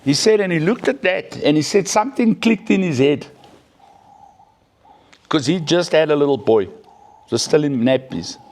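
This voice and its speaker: A middle-aged man telling a personal story in a casual, animated way, often checking in with "right?". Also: on the high side, normal speed, pauses often. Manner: animated, peppers speech with "right?". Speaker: recovering addict sharing his story.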